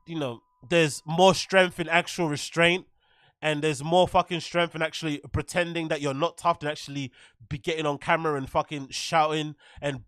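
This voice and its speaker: A man's voice: on the high side, sharp tone, dry recording, studio quality. A man giving sarcastic, swearing reaction commentary on his stream. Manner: sarcastic, swearing, laughing often.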